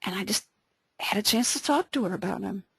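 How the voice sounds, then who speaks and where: A woman's voice: mid-range voice, fairly quick, creaky, husky, no room sound. Woman, Bible study leader, chatty with restarts, dry close sound. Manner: lively, conversational, frequent restarts. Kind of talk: casual Bible study talk.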